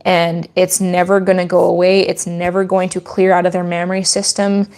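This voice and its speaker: A woman's voice: fairly low pitch, level tone, normal speed, a little mellow, smooth. Woman, goat farmer, casual vlog Q&A, earnest, firm, opinionated.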